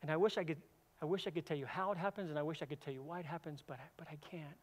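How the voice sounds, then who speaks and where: A man with a high-pitched voice preaching a sermon as a senior pastor. He tells stories earnestly, often repeating a word as he starts a phrase. He moves between loud, emphatic stretches and quiet, hushed passages. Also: fairly even intonation, racing.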